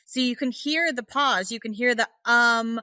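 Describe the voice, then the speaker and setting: A woman on a podcast calmly explaining how a receptionist should guide a call, assured and clear. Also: fairly high pitch, normal speed, no echo. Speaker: podcast guest, front-desk expert. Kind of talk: casual podcast discussion.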